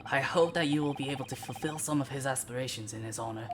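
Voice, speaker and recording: A woman doing a theatrical posh British gentleman detective. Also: rumbling low, fast talker, slight background noise. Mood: gracious. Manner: theatrical, grandly playful. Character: flamboyant eccentric British male detective. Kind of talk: live game dialogue reading. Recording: voice over loud game music.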